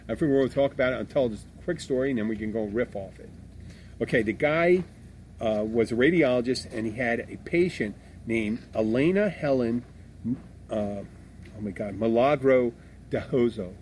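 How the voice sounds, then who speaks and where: A man's voice: mid-range voice, moderate pace, darkish tone, a little hiss or hum. A man from Philadelphia co-hosting a podcast, talking casually and bluntly, with swearing and rambling restarts. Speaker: podcast co-host. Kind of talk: casual chat.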